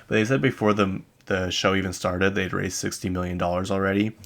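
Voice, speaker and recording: A man's voice: low voice, fairly even intonation, moderate pace, vocal fry, fairly bright tone. A man hosting a podcast, chatting casually and rambling about pop music news with many asides and self-corrections. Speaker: podcast host. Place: lives in Utah.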